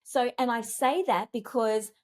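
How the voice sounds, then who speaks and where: Animated woman coach, slightly high voice. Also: a little slow. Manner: animated, emphatic storytelling with wide pitch jumps. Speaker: guest, communications expert; executive coach. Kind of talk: podcast interview.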